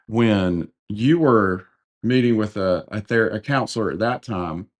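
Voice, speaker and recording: A man's voice: fairly low pitch, a little slow. A man with a Southern US accent co-hosting a podcast, talking candidly in a rambling, self-correcting way. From Carolinas, US. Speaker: podcast co-host. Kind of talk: casual conversation.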